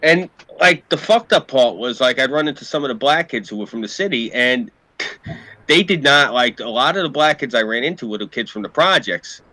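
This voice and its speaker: A man's voice: medium pitch, expressive, brisk, pushed and bright, no room sound. A man with a New York accent, casually telling rambling, profane stories as a podcast host. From New York City area. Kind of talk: casual storytelling chat.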